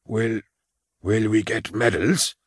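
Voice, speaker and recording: A man's voice: lowish voice, fairly even intonation, slow pace, husky, no room sound, studio quality. A man doing a quavering, unhinged old veteran. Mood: quavering eager. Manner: eager, trembling pleading.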